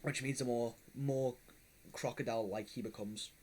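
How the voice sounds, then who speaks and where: A man's voice: medium pitch, fairly even intonation, moderate pace, a little mellow, rough recording. A man hosting a casual podcast chat, rambling and swearing with many restarts. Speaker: podcast host.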